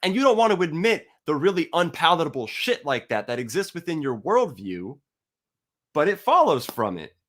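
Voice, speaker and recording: A man giving a heated, profane monologue to his viewers, blunt and argumentative, sometimes reading a passage aloud slowly. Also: on the high side, sing-song, fairly bright tone. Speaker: atheist video host. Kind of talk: ranting monologue to camera.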